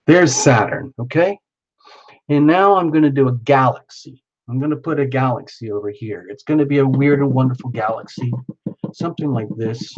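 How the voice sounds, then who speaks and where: A playful man chatting with his live viewers as he paints, narrating each step with frequent exclamations. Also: medium pitch. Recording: dull lo-fi sound.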